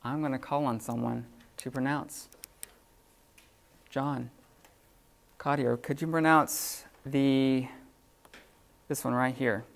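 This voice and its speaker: A man teaching a Greek class in a classroom, in an informal, halting manner with many fillers. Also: mid-range voice, steady tone, vocal fry. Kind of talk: classroom lecture.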